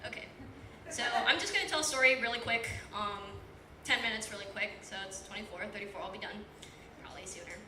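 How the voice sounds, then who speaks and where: A woman's voice: medium pitch, quick pace, sharp tone. Rambling eighteen-year-old woman doing stand-up. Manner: rambling, self-deprecating, lots of filler "like". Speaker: stand-up comic at an open mic. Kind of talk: stand-up comedy storytelling. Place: small comedy club, live audience. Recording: distant, echoey club room with background noise.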